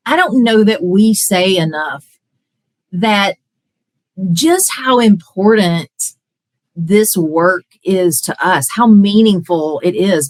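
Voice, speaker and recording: A woman's voice: medium pitch, dry recording, rough recording. A woman coach in a podcast conversation, earnest and talking in long, flowing run-on sentences.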